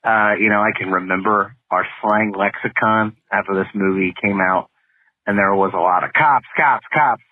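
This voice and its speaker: A man's voice: low-pitched, level tone, normal speed. A man leaving a rambling, playful voicemail for a podcast, full of "uh" fillers. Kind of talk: casual voicemail message. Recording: lo-fi voicemail audio.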